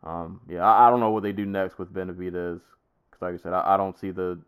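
A man's voice: deep voice, steady tone, fast, clean tone. A man co-hosting a podcast, chatting casually about a fight in a rambling, easygoing way with lots of fillers and restarts. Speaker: podcast co-host. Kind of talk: casual sports chat.

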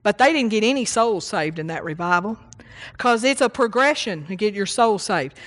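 A woman's voice: medium pitch, expressive, moderate pace, a bit bright. A woman preaching a sermon, reading scripture and teaching with emphatic repetition and call-outs to the congregation.

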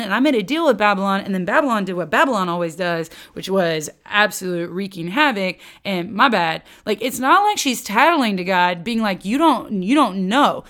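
A woman teaching the Bible on her podcast in a candid, animated, self-aware way, talking straight to her listeners. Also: mid-range voice. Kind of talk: conversational teaching.

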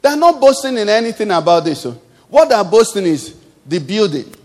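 Animated preacher in an echoing hall. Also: male voice, high voice, moderate pace. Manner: emphatic, call-and-response questions to the congregation. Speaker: pastor. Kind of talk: sermon. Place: church hall.

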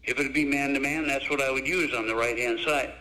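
A man's voice: mid-range voice, a little fast, poor audio. An older man, a former basketball coach, telling stories in an interview and acting out the people in them. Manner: animated storyteller, acts out quoted voices. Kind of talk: storytelling interview.

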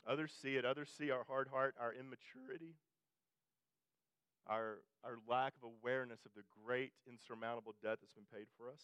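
A man's voice: mid-range voice, steady tone, fairly quick, fairly bright tone, clean tone, no room sound, lo-fi sound. A male pastor preaching a sermon in a conversational way, often restarting and repeating phrases and pushing his voice up for emphasis.

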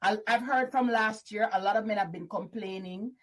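Husky Jamaican woman giving blunt advice. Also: medium pitch, normal speed. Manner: direct, lecturing. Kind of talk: giving relationship advice in a clip.

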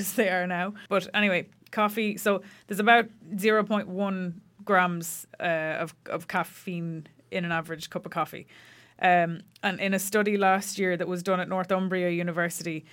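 A woman's voice: lowish voice, fairly bright tone. A woman co-hosting a casual science podcast, explaining facts with many fillers and restarts. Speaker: podcast co-host.

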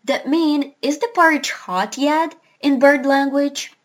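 A woman voicing a clever, bossy female parrot who lectures in a brisk, know-it-all way, for a storybook reading. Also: sits high, voice pushed up.

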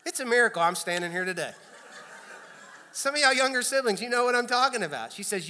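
Animated pastor telling stories in a reverberant hall. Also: male voice, very high-pitched, quick pace, a little hiss or hum. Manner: storytelling, animated, self-deprecating humor. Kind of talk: sermon. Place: church sanctuary.

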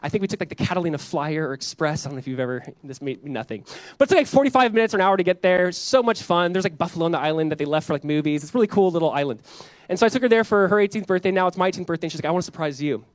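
A young male pastor preaching a sermon with animated, self-mocking storytelling. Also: high voice, very fast, dry recording. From Southern California.

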